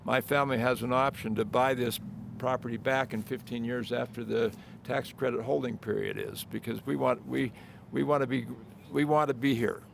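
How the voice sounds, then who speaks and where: Very gravelly older man reminiscing. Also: medium pitch, steady tone, noisy background. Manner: halting, reminiscing, many restarts. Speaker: property developer speaking at event. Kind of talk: informal prepared remarks. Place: outdoor groundbreaking event.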